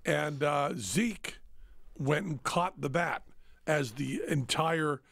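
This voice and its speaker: Guy with a gravelly slightly high voice, telling a goofy story on a podcast, dry mic. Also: slow, a bit bright, no room sound. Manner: self-mocking storyteller acting out dialogue. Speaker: host. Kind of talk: casual storytelling chat.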